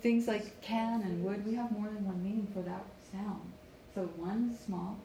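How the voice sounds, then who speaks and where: A woman's voice: medium pitch, fairly even intonation, normal speed, vocal fry, noisy background. A woman from Canada, a pronunciation coach, teaching a live lesson and stressing words and repeating phrases for students to echo back.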